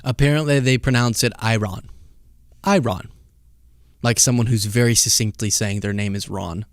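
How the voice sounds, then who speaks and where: Sarcastic, animated male commentary host. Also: lowish voice, a little fast, clean tone, no room sound, clean studio sound. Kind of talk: casual political commentary.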